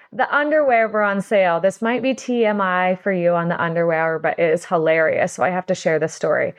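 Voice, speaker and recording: A middle-aged woman hosting a casual talk show, telling stories in a chatty, rambling way and laughing often. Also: medium pitch. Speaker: podcast host and salon owner. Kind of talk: casual storytelling monologue.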